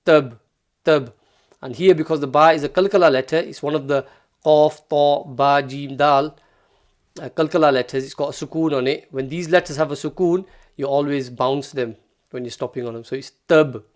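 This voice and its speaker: A man's voice: on the high side, a little fast. A man teaching recitation step by step, patiently sounding out syllables and repeating them for learners.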